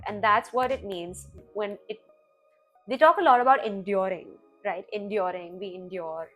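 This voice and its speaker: A woman's voice: mid-range voice, normal speed, faint music behind. Chatty woman recapping a TV episode. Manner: chatty, heavy on "like" and "you know", animated retelling. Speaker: TV reaction channel host. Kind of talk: casual recap commentary.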